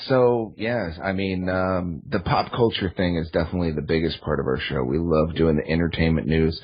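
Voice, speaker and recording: A man's voice: low voice, normal speed, slightly rough, dull audio. A man on a podcast chatting casually as a guest, rambling with many fillers. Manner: rambling, filler-heavy storytelling.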